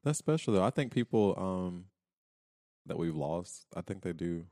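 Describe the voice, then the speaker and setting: A man's voice: deep voice, expressive, moderate pace, dark tone. A man chatting casually and reflectively, retelling something he saw with quoted lines. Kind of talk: casual chat.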